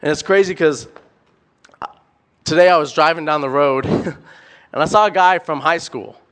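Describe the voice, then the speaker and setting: A young man preaching a sermon, animated and emphatic, firing off rhetorical questions and repeating words. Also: fairly high pitch, moderate pace.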